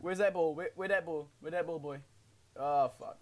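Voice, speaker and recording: A man's voice: on the high side, fairly even intonation, moderate pace. A man chatting casually while playing a game with friends, laughing often, swearing, and sounding flustered. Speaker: gamer, channel owner. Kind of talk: casual gaming chat.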